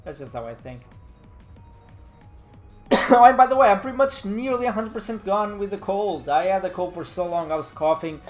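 A man's voice: high-pitched, fairly even intonation, moderate pace, long pauses, faint music behind. A young man chatting casually on a live stream, rambling and laid-back, still a little nasal from a cold. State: slightly nasal from a fading cold.

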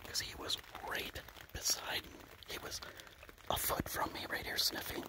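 A man whispering excitedly in a hunting vlog from a blind outdoors, shaking with adrenaline, recorded on a handheld camera. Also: normal speed. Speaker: bear hunter.

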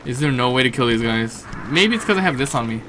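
A man doing let's play commentary, excitable and swearing at enemies, then thinking aloud about his plans. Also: medium pitch, fast, background noise. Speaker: gaming commentator.

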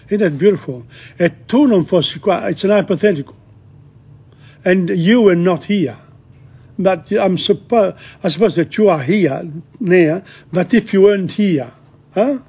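A middle-aged man teaches a language lesson by going through song lyrics line by line. He talks in a slow, halting way, repeating himself as he explains, and his voice is slightly high and husky. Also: darkish tone.

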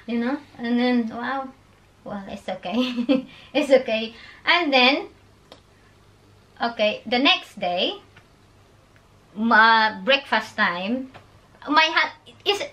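A woman vlogger tells a story in a lively, broken, laughing way. Her voice sits fairly high. She chats casually. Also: takes it slowly, pauses often. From Philippines. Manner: animated, laughing, broken phrasing.

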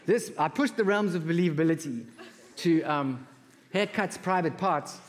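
A man from South Africa with a South African accent, telling humorous stories in a conference keynote and acting out callers' voices. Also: normal speed. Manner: humorous, acts out callers' voices with big pitch jumps. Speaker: conference speaker. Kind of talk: storytelling keynote talk. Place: large conference hall. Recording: long hall reverb.

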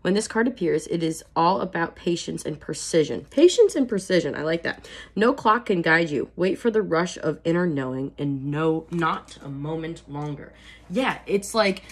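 A woman's voice: low-pitched, normal speed. A woman with a stuffy, nasal voice from a cold, giving a chatty tarot reading and calling listeners darling. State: congested with a cold. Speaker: tarot reader.

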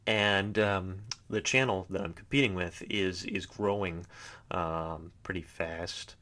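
A young man with a fairly low voice rambles through an unedited vlog. He is chatty and self-mocking, and his words often drift off into quiet asides. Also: takes it slowly. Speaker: vlogger.

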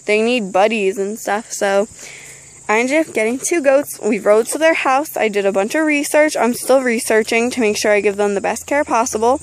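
A woman's voice: fairly high pitch, moderate pace, no room sound, low-quality recording. A teenage girl chatting casually outdoors beside an animal pen, rambling with frequent ums. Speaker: vlogger. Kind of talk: casual chat.

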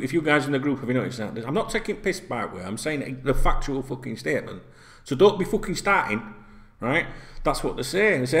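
A man's voice: fairly high pitch, fairly bright tone. A man talking casually and directly to his viewers as a football vlogger, swearing freely and dropping lots of "right?" and "you know" into his sentences.

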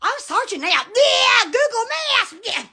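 A woman's voice: very high-pitched, big pitch swings, unhurried, pushed and bright, shouting. A woman hosting a casual live stream from her phone at home, gushing, laughing often and exclaiming over and over. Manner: repeated exclamations. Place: indoors at home.

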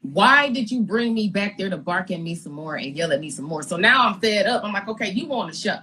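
A young adult woman candidly recounting a conflict in an interview, animated and blunt, acting out what she and others said. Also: mid-range voice, a little fast, a little hiss or hum, poor audio. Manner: animated, re-enacts her own and others' words, blunt slang. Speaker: reality TV personality giving her side.

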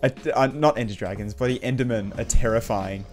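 A young Australian man giving live commentary on his own gameplay as a streamer, reacting aloud with slang and quick laughs. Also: mid-range voice, a little mellow, soft background music. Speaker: game streamer.

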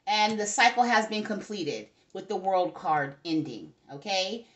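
In a lo-fi recording, a tarot reader talks chattily to her viewers and to the spirits, constantly checking in with "okay?" during a casual reading. She speaks a little slowly, with a medium-pitched, expressive voice.

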